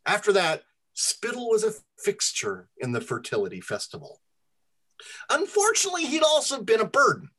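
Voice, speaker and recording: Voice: mid-range voice, huge pitch swings, moderate pace, a bit bright, breathy edge. A storyteller reading their own comic fantasy story aloud to friends, with a wry, self-deprecating delivery.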